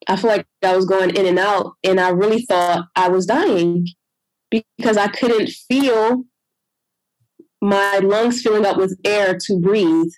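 A woman's voice: mid-range voice, a little slow, darkish tone, dry recording, rough recording. A young adult woman telling her own birth story in a conversation, emotional and retelling what others said. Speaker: guest sharing a birth story.

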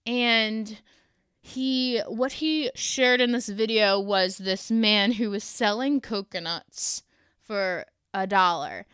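A woman's voice: mid-range voice, slow pace, a bit bright, clean tone, no echo, clean studio sound. A woman hosting a solo motivational podcast, talking in an earnest, heartfelt way with casual fillers. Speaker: podcast host.

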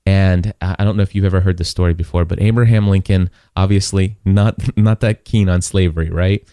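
A man speaks in a casual faith conversation, his voice low and warm. He stumbles and repeats words and now and then voices the people in his story. The sound is dry and close. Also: fairly even intonation, a little fast, clear, resonant tone, no room sound.

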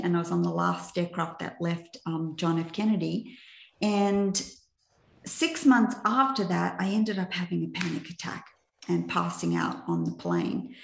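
An older woman with a low, gravelly voice recounts her path into coaching in a chatty, self-deprecating way. She keeps checking in with her listeners and speaks in an echoey room. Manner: chatty, self-mocking, frequent "right?" asides. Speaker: coach and presenter. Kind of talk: personal story in a masterclass talk.

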